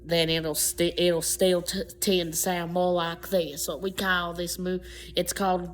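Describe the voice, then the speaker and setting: A woman's voice: lowish voice, flat delivery, measured pace, a little hiss or hum. A woman talking unscripted in a video, rambling through her points with frequent restarts and self-corrections. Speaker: vlogger explaining accents. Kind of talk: unscripted explainer talk.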